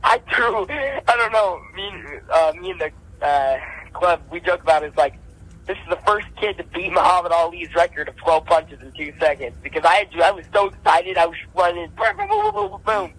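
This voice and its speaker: A young man with a slightly high voice recounts a fight in casual podcast talk. He tells it with animated energy, punching out "boom" after "boom" to act out his combinations. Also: moderate pace, rough recording. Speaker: amateur boxer telling his story.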